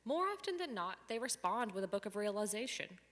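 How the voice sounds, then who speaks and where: Woman, church reader, expressive, dry humor, bright voice, long reverb. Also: mid-range voice, a little fast. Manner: expressive, dryly humorous reading. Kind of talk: reading an essay aloud.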